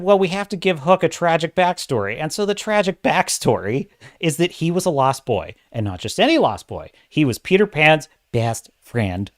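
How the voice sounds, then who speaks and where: A man hosting a livestream, ranting about movies in a sarcastic, animated way, swearing and cutting himself off mid-sentence. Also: on the high side. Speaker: livestream host. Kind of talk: casual ranting movie review.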